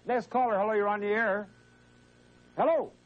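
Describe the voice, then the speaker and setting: A man's voice: sits high, fairly even intonation, normal speed. A man hosting a call-in radio show, scolding and exasperated with prank callers. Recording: dull lo-fi broadcast audio.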